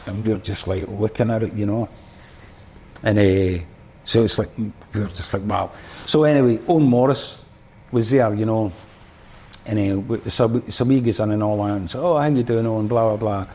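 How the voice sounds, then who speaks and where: Scottish guy, lowish voice, rambling story with lots of ums and restarts. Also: moderate pace, warm tone, slightly rough. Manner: rambling anecdotes with many restarts and fillers. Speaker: podcast guest, former band drummer. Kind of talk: casual storytelling.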